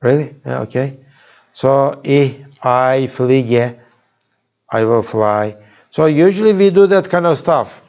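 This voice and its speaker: A man's voice: a little high, darkish tone. A man with a Turkish accent giving a university lecture in a casual way, often restarting sentences and checking in with students. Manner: informal, many restarts and asides to students. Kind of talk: classroom lecture. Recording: recorded live in a lecture hall.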